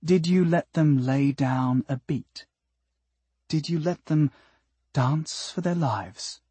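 A man's voice: a little high, takes it slowly, mellow, husky, no room sound. A man voicing a tall, skeletal alien woman who speaks with elaborate humility and pointed, insistent questions, in an audiobook. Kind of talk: audiobook character voice.

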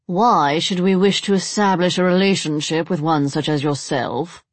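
A haughty vampire steward, put on by a woman reading a storybook, speaks with an overdone English accent. His voice is pitched deep and formal, and the room sounds dry and close. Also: fairly even intonation, normal speed, no echo, lightly acted. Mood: pompous.

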